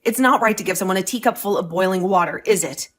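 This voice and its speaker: A woman's voice: mid-range voice, fast talker, lightly acted. A woman voicing a young wife who defends herself, defiant and sarcastic toward her husband, in a voiced drama story. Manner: indignant, sarcastic.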